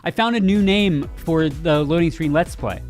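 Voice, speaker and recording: A man hosting a live gaming news stream, joking with his viewers and laughing often. His voice sits a bit high, and faint music plays underneath. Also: normal speed, darkish tone. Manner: joking, talks straight to chat, laughs often. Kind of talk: casual live-stream chat.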